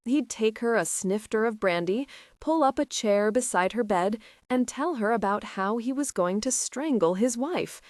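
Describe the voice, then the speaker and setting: A woman narrates a historical romance audiobook at a middle pitch. The sound is dry and close, with no room around her. She voices both lovers without a big change in her voice. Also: dry recording. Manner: reads both lovers' lines in a near-plain voice.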